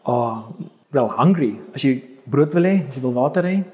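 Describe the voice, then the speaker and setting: A pastor with a South African Afrikaans accent preaching a sermon, reading scripture aloud and slowing to stress key words. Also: male voice, medium pitch, expressive, narrow, tinny audio. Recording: reverberant hall.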